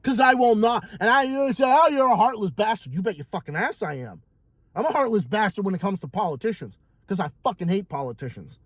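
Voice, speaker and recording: A man's voice: high-pitched, big pitch swings, a little fast, a bit bright, no room sound. A man vlogging a heated monologue, ranting profanely and repeating himself for emphasis.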